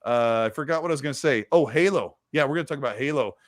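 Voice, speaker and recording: A man's voice: mid-range voice, fast, no room sound, studio quality. A man hosting a casual gaming livestream, chatting loosely and reading viewer messages aloud. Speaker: host.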